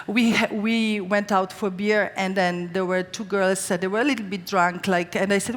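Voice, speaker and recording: A woman's voice: medium pitch, fairly even intonation, brisk, hardly any pauses. A woman chef, a native Slovene speaker, doing a live stage cooking demo and telling stories in a chatty way, with lots of fillers and restarts. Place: large hall on a stage. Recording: live hall with long reverb.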